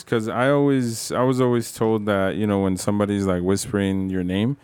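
A man's voice: on the low side, steady tone, moderate pace, darkish tone, faint music behind. A man hosting a casual talk, asking questions in a hesitant, easygoing way. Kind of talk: casual interview.

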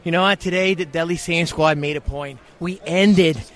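A man cutting a wrestling promo in an interview, fired up and emotional, shouting and repeating himself. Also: a little high, steady tone, moderate pace. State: hurting, emotional. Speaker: pro wrestler.

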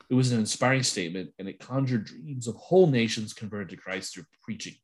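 A man co-hosting a casual conversation about ministry, talking haltingly with restarts and easy laughter. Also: medium pitch, expressive. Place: at home late at night.

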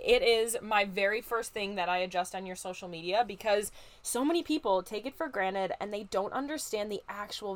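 A woman's voice: medium pitch, a bit bright. A woman with a Midwestern American accent hosting a solo business podcast, bubbly and chatty, talking to listeners like a close friend. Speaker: podcast host, business growth coach. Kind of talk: upbeat solo podcast chat.

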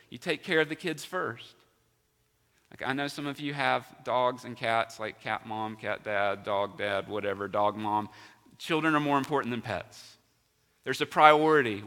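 A man's voice: medium pitch, sharp tone, long reverb tail. A male pastor preaching a sermon in a church, emphatic and asking his congregation questions. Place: church sanctuary.

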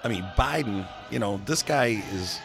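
A man's voice: mid-range voice, lively intonation, moderate pace, vocal fry, over music. A man in casual political chat, rambling and emphatic, swearing freely.

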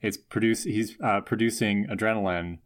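A man's voice: on the low side, steady tone, normal speed. A man co-hosting a casual recap podcast, joking and mock-scolding with a laugh. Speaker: podcast co-host.

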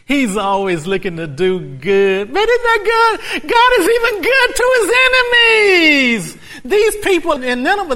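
High-voiced bright-toned preacher man. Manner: swings from calm teaching to high shouted exclamations; reads scripture aloud with emphatic repetition. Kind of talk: sermon.

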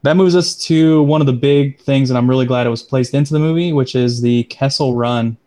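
A man hosting a casual movie review podcast, steering the talk and explaining details in a measured way. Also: medium pitch. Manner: steers the discussion, even and measured. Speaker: podcast host.

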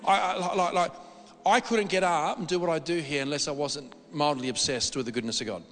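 A man preaching a sermon in a church hall, animated and repetitive, often restarting his sentences. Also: high voice, a little fast, faint music behind. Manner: animated, repetitive, excitable delivery with frequent restarts. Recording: long reverb of a hall.

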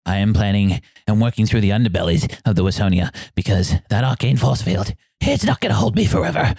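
A man's voice: a little fast, gravelly, dry recording, clean studio sound. A man voicing a small, proud male construct of bronze and gold who talks like an eager child. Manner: eager, high and excitable.

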